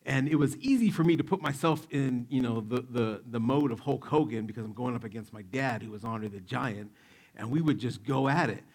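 A man in his forties preaching a sermon, telling stories in an animated, joking way and acting out the quotes. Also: mid-range voice, brisk, breathy edge. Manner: animated, jokey, acts out quotes. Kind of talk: sermon with personal storytelling.

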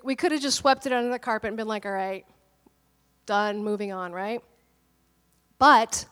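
A woman pastor in her thirties, slightly hoarse from a cold, telling a personal story in an animated, candid sermon. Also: medium pitch, in a large hall.

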